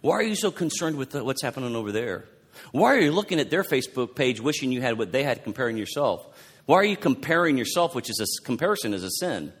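A male pastor giving a fervent sermon, preaching loudly at close to a yell. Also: medium pitch, very animated, fast talker, husky. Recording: long hall reverb.

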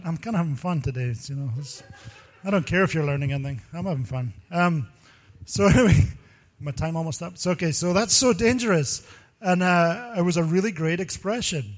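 A man preaching in a slightly higher voice than most men, rambling through personal stories. He is animated and laughs often, and his sermon feels loose and unscripted. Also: brisk. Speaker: pastor.

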